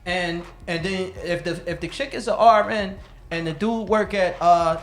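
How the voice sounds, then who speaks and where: A man's voice: high voice, moderate pace, reverberant, soft background music. A man hosting a podcast, eagerly giving his opinions in casual chat and laughing often. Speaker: podcast host.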